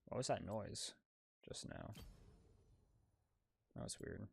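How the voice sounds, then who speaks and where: A man casually talking to himself while playing a video game, relaxed and mumbling. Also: lowish voice, slow, vocal fry, slight background noise. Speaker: gamer streamer. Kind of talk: casual gameplay commentary.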